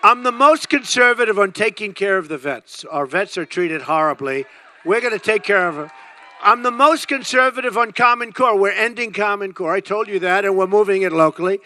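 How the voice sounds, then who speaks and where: Older male politician, high and bright, emphatic and repetitive, rambling stump-speech delivery. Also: expressive, fairly quick, slight background noise. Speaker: political candidate. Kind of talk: campaign rally speech.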